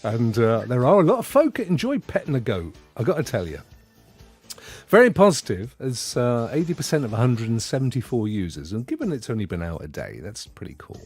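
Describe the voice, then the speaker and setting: British podcast co-host, husky, jokey rambler. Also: male voice, brisk, soft background music. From United Kingdom. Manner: rambling, jokey, very lively pitch. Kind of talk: casual gaming chat.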